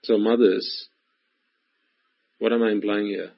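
A man with a husky, lowish voice preaches a sermon in a steady tone, a little slowly. He drives his points home with repetition and direct questions to listeners, and the recording sounds dull and lo-fi.

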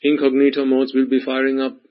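A man's voice: medium pitch, completely flat delivery, brisk. A man giving a sermon in an emphatic style, repeating phrases and speaking directly to the listeners. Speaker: preacher. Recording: dull lo-fi recording.

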